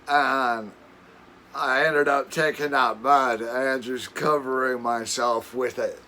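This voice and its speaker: A man's voice: medium pitch, pushed and bright, slight background noise. A man telling camping stories in a casual, rambling way for his vlog, chuckling often and restarting his sentences. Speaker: camping vlogger. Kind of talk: casual storytelling. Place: camper.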